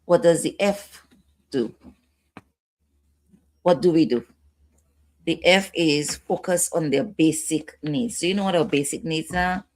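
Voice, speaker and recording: A woman's voice: sits low, unhurried, pauses often, a little mellow. A woman instructor giving a training lecture, repeating key points and checking in with her listeners.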